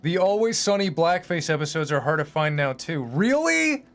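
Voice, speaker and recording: A man's voice: fairly high pitch, very animated, moderate pace, fairly bright tone, soft background music. A man streaming, chatting casually in a rambling, opinionated, profane way. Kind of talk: casual chat while streaming.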